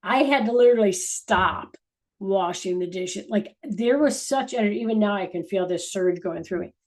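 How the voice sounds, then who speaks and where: A woman giving a casual spiritual talk to her viewers as a channeler, earnest and rambling, often restarting and trailing off softly. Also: medium pitch, normal speed, poor audio.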